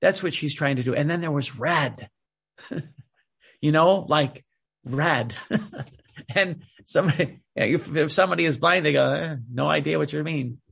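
A man's voice: on the high side, measured pace, creaky, long pauses, fairly bright tone, slightly rough. A man giving an informal sermon with readings, speaking emphatically and often restarting and repeating words. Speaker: preacher reading from a spiritual book.

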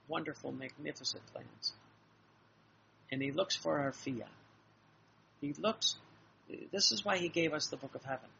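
A man's voice: a little high, creaky, bright, forceful tone, a little hiss or hum. A man preaching a sermon in an earnest, repetitive, exhorting way, acting out dialogue as he goes. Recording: dull lo-fi recording with faint ambience.

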